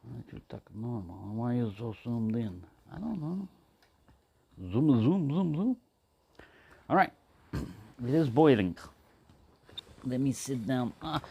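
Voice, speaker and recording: Man, gravelly voice, casual cooking chat, rambles to himself, faint background hiss. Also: medium pitch, animated, slow, long pauses, a little mellow. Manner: rambling, talks to himself and answers in silly voices. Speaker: outdoor cooking vlogger. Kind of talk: casual talk to camera while cooking.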